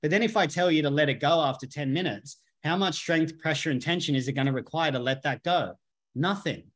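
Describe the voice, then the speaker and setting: A man's voice: fairly high pitch, brisk, a bit bright. A man talking bluntly and emphatically in a casual conversation, swearing freely as a podcast guest.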